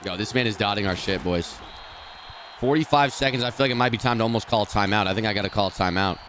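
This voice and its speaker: A man streaming a football video game, talking through each play and often swearing and yelling at the game in frustration. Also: lowish voice, fast talker, a little hiss or hum. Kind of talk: live gameplay commentary.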